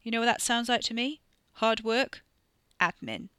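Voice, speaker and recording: A woman's voice: a little high, normal speed, bright, forceful tone, clear, resonant tone, no room sound, voice pushed up. A woman voicing a weary, sarcastic young man. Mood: scornful. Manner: dry, sarcastic.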